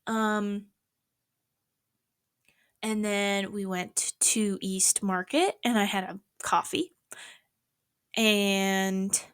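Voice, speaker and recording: A woman's voice: medium pitch, very slow, long pauses, clear, resonant tone, no echo. A young woman chatting casually in a rambling vlog about her day, sometimes dropping to a whisper. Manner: rambling, animated, swings into whispers. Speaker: vlogger. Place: small apartment at night.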